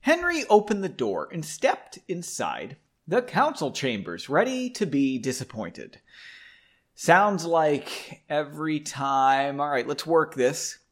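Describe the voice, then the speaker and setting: Male podcast host, reading his own fiction aloud; wry asides, animated pitch. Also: slow. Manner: self-interrupting, wry, rereads lines in new voices. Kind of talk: casual reading with joking asides.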